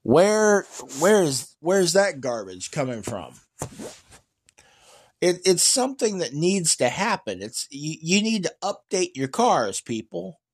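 A man's voice: fairly high pitch, slow pace, breathy edge. A man talking casually about electric cars in an opinionated, rambling way, with many fillers and restarts and emphatic outbursts. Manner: animated, emphatic rants. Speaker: EV news vlogger.

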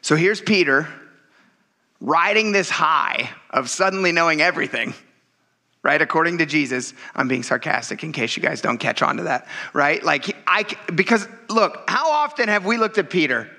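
A pastor preaching a sermon in a conversational, joking and emphatic way, often checking in with the congregation. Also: male voice, on the high side, lively intonation, moderate pace, sharp tone.

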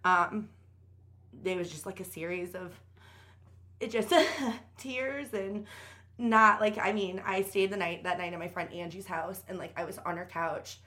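A young woman guesting on a podcast tells a personal story candidly in casual chat, cursing and using lots of fillers. Her voice sits on the low side, with a steady tone and an unhurried pace, and it sounds pushed and bright.

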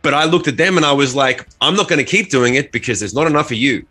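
A man's voice: medium pitch, fast talker, pushed and bright, faint music behind. An Australian man co-hosting a podcast, telling long rambling stories in a casual chat and swearing freely. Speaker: podcast co-host.

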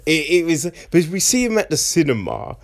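A man's voice: on the high side, sing-song, normal speed. A man casually talking through a film, chatty and often tagging his points with "right?". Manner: chatty, keeps asking "right?", slips into mocking voices. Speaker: film reviewer.

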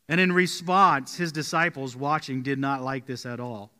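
A man preaching a sermon as pastor, telling stories and dropping his voice low and slow to stress key points. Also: steady tone, in a large hall. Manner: storytelling, drops quiet and slow on key points. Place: church sanctuary.

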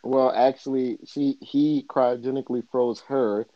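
A man co-hosting a casual podcast chat, playfully indignant and quick to argue a point. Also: mid-range voice, fairly even intonation, no echo, dull audio. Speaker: podcast co-host.

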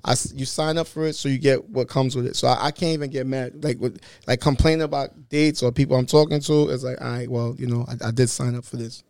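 A man guest in a casual podcast chat, an animated storyteller who swears a lot and acts out quoted lines. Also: medium pitch, fast, hardly any pauses, clean tone, no room sound, studio quality. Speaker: interview guest.

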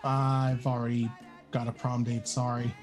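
A woman's voice: a bass voice, level tone, unhurried, a little mellow, faint music behind. A woman playing a tabletop game, blunt and casually swearing. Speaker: player.

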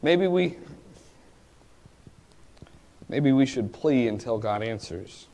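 Guy preaching a sermon, gets loud and pleading then goes quiet, mid-pitched voice. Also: lively intonation, a little slow. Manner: impassioned, rising to pleading cries and dropping to quiet asides.

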